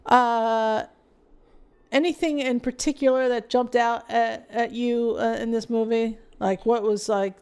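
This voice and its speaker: Woman cohost chatting movies, slow and gravelly, kinda high voice, lots of ums. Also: fairly even intonation, darkish tone. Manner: rambling, filler-heavy, reads award lists aloud. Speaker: podcast co-host. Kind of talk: casual film review chat.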